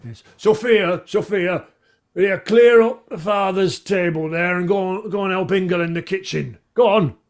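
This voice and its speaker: A man voicing a gruff, bossy middle-aged male innkeeper in a tabletop role-play, curt and grumbling as he barks orders. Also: high-pitched, normal speed.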